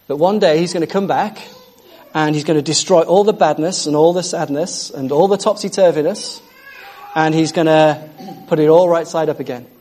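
A man delivering a sermon in a fairly high voice. He preaches with exuberant energy and repeats phrases for emphasis. At times his voice drifts away from the microphone. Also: dark tone.

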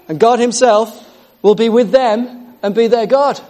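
A man's voice: very high voice, measured pace, mellow. A man preaching a sermon with exuberant energy, repeating phrases for emphasis and calling out in joy.

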